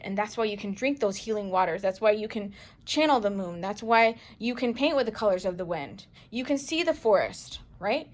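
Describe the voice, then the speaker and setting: Playful, animated woman reading tarot. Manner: animated, playful, calls viewers darling and baby; swings between bright bursts and low asides. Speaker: tarot reader and channel host. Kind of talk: casual tarot reading to camera.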